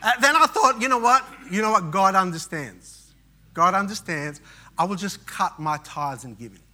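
A man's voice: high-pitched, big pitch swings, a little fast, sharp tone. A middle-aged man pastor preaching, telling a personal story with frequent restarts and fillers. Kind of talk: sermon.

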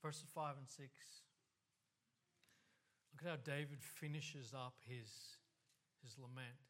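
Bright-voiced man preaching slowly. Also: medium pitch, steady tone. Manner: impassioned preaching, voice rising and falling. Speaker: pastor. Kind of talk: sermon.

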